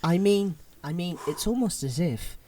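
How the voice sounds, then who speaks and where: A man's voice: high-pitched, animated, moderate pace, darkish tone. A man co-hosting a podcast in casual chat, laughing along and dropping dry asides. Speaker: podcast co-host.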